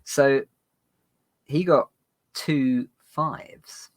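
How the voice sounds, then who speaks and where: A man narrating as game master of a tabletop game, rambling and halting with many fillers. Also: mid-range voice, dry recording.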